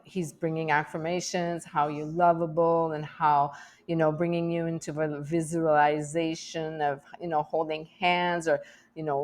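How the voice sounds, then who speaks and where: A middle-aged woman speaks in an open, emotional personal vlog. Her voice sits a little low, and she rambles, laughs often and restarts her thoughts as she goes. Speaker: vlogger.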